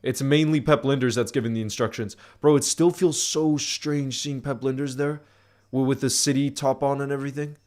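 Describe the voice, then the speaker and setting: A man hosting a live football watchalong stream, talking in a loose, chatty way. He rambles, trips over words and restarts often, at a mid-range pitch. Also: steady tone, moderate pace, hardly any pauses, a little mellow.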